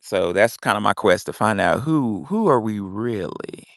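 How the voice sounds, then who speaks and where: A man's voice: lowish voice, expressive, normal speed, vocal fry, dry recording, clean studio sound. A young man hosting a loose, casual audio chat, swearing freely and cutting in on others. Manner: loose and profane, cuts in often. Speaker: host.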